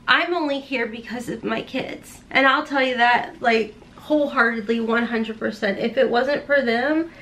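Woman beauty vlogger, high bright voice, rambling heartfelt chat, folksy. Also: measured pace. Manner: folksy, with playful slang. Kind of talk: casual chat while doing makeup.

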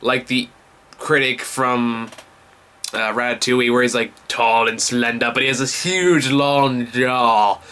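A man's voice: medium pitch, steady tone, unhurried, pushed and bright, clear, resonant tone. A young man giving a casual vlog movie review, enthusiastic and rambling, swearing often.

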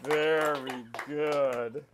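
A man hosting a horror show, doing comic banter and swinging from shouts to mumbles. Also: a little high, fairly even intonation, very slow, crowd noise, background noise.

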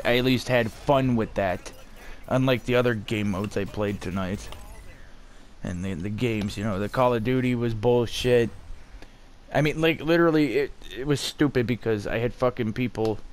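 A man's voice: mid-range voice, a little hiss or hum. A young man giving live commentary on his own hockey video game, swearing and raging at his teammates. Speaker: gaming YouTuber.

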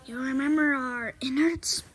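A woman's voice: high voice, a little slow, fairly bright tone, breathy edge, exaggerated voice. A woman voicing a chatty animatronic bear plushie in a plushie video role-play, rambling and easily distracted.

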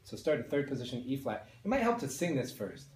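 Male band teacher, mid pitch, calm and step-by-step, roomy echo. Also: quick pace, a little hiss or hum. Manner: explains step by step, counts and sings along. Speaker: music teacher. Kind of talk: patient beginner instrument lesson.

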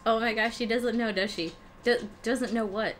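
Young woman, game streamer, casual chat to viewers, fairly high voice, swears and laughs often. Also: steady tone, moderate pace. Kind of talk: casual live-stream chat while gaming. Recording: faint background noise.

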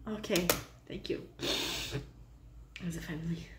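A woman hosting a reaction channel, reacting out loud to a fan video in an expressive, exclamatory, chatty way. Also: on the low side, unhurried, roomy sound, a little hiss or hum.

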